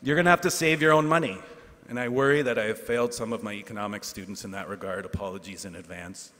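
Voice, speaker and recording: A man, a teacher giving a graduation speech, earnest and self-deprecating, with asides and pauses for effect. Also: on the low side, steady tone, fairly bright tone. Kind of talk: ceremonial speech. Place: large hall at a ceremony. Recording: hall reverb.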